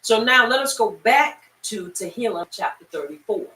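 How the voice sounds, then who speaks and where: Woman Bible-class teacher, animated storyteller, bright tone, distant echoey room mic. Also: a little high, normal speed. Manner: lively storyteller, talks straight to the class.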